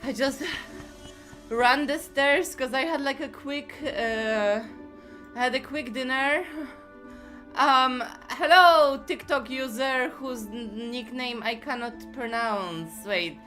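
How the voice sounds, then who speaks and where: A woman streamer with a high voice chats at a relaxed, slow pace while still out of breath. She greets viewers one by one and giggles easily. Faint music plays behind her. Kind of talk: casual live stream chat.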